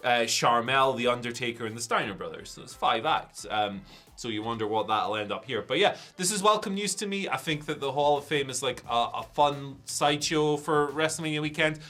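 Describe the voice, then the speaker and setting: A man with a Scottish accent hosting a casual wrestling news chat, quick and jokey, laughing often. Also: mid-range voice, sharp tone, soft background music. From Scotland.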